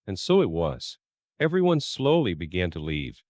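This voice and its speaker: A man tells a first-person story in a low voice that moves lively up and down. He reads the quoted dialogue in the same plain voice, close to the mic in a dry, dead space. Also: moderate pace, no echo. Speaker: narrator.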